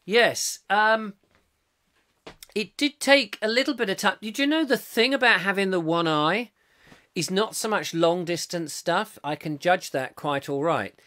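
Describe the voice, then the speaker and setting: A man's voice: sits high, a little slow, sharp tone. A middle-aged English man hosting a casual live chat show, reading viewer comments aloud in a rambling, self-mocking way.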